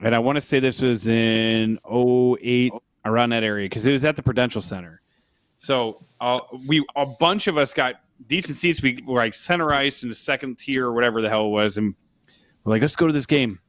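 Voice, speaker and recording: A man's voice: medium pitch, a little fast, no room sound. A man co-hosting a podcast, telling a rambling story in casual chat, laughing as he goes. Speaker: podcast co-host.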